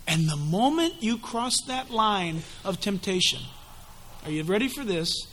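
A male preacher delivers an animated, emphatic sermon. His voice sits high and bright, and it rises and falls with lively swings. He talks to his listeners directly and with drama. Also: measured pace, a little hiss or hum.

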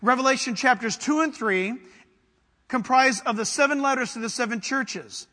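A man's voice: extremely high pitch, normal speed, sharp tone. Fervent male preacher in a reverberant hall. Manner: fervent, emphatic preaching with call-and-response questions. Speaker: pastor. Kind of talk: sermon. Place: church sanctuary.

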